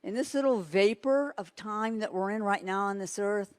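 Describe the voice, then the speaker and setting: A woman preaching a sermon, telling stories in an animated way and laughing now and then. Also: mid-range voice, moderate pace, no room sound. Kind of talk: sermon with storytelling.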